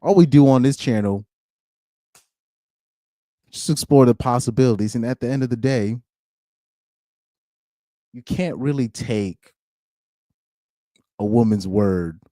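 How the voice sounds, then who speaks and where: A man's voice: mid-range voice, measured pace, long pauses, dark tone, dry recording, studio quality. Rambling, laughing young male podcast host. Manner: rambling, laughs often, lots of fillers. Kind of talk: live-stream casual chat.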